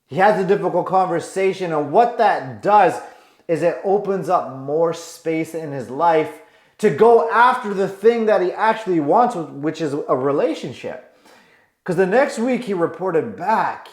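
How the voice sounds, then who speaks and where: A man's voice: on the high side, animated, measured pace. A man giving advice as a coach, telling a client's story and pressing listeners with emphatic rhetorical questions. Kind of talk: advice monologue. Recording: roomy echo.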